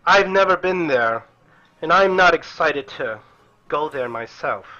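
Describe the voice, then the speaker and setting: A man's voice: on the high side, animated, a little slow, sharp tone, muffled recording, pitched above the performer's own voice. A man voicing an earnest, secretive female priestess in a tabletop game, with a lilting voice that rises on exclamations.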